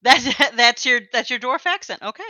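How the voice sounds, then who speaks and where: A woman's voice: a little high, animated, normal speed, bright, forceful tone, no echo. A woman co-hosting a podcast in casual chat, teasing and laughing often. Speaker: podcast co-host.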